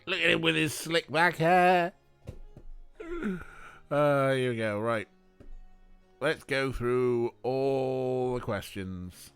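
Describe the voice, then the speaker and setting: A man giving casual, sarcastic commentary while he streams a mystery adventure game, with game music playing faintly behind him. His voice sits at an ordinary middle pitch. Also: takes it slowly, creaky, pauses often, fairly bright tone, clear, resonant tone. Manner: sarcastic, joking asides. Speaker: let's play streamer.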